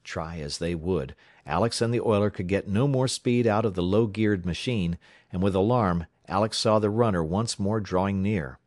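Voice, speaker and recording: Male audiobook narrator, very low pitch, steady measured read, dry close sound. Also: dry recording.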